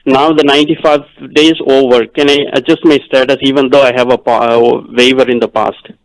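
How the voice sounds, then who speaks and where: A man from India calling in with an immigration question, hesitant and halting, with lots of fillers. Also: medium pitch, flat delivery, no room sound, low-quality recording. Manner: hesitant, many uh fillers and restarts. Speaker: caller. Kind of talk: phone call-in question.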